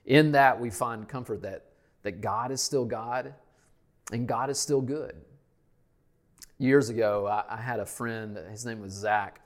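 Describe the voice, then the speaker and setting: A male pastor preaches a sermon emphatically in a mid-range, unhurried voice. He repeats key lines and lets the ends of phrases drop to a hush.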